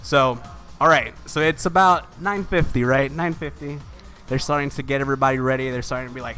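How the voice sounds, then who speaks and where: A man's voice: mid-range voice, fairly even intonation, a little fast, pushed and bright, faint music behind. A man telling a long frustrated story in casual chat, full of "you know" and "like" fillers. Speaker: commentator.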